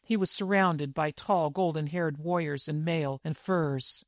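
A man narrating a dramatic adventure story in a measured, deliberate reading style. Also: on the high side, fairly even intonation, no room sound, studio quality. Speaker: audiobook narrator.

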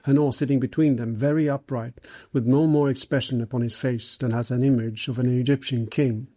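A man narrates a novel in a steady, measured reading. His voice is husky and mellow, recorded close in a dry room. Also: medium pitch, dry recording. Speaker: audiobook narrator. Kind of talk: scripted narration.

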